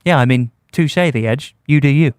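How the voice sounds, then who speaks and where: A man hosting a music history podcast, reading scripted narration in a measured storytelling way. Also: medium pitch, a little mellow, smooth, no echo, studio quality. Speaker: podcast host.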